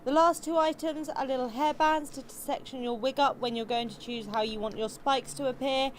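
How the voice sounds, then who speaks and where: A woman narrating a wig tutorial in a smooth, newscaster-like instructional voice-over. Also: high voice, steady tone, moderate pace, a little hiss or hum.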